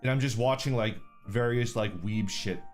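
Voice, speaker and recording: A man's voice: mid-range voice, steady tone, normal speed, soft background music. A man streaming under an orc persona, casually chatting with viewers, reading super chats, laid-back and profane, laughing often.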